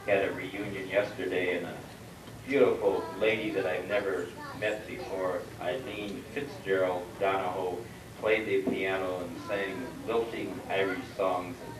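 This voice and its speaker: A man emcees a family reunion, spinning long jokes at an unhurried pace and drawing out each punchline. His voice sits on the low side. He is heard from a distance in a roomy hall with faint noise. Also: flat delivery, crowd noise. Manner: measured storyteller, drawn-out punchlines. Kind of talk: joke telling to a crowd.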